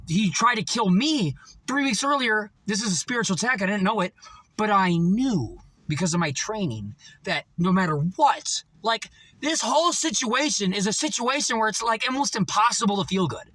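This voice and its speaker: A man's voice: high voice, moderate pace, no echo. A man giving a rambling, profane motivational monologue, telling his stories with animation and many fillers. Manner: animated storytelling. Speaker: motivational vlogger.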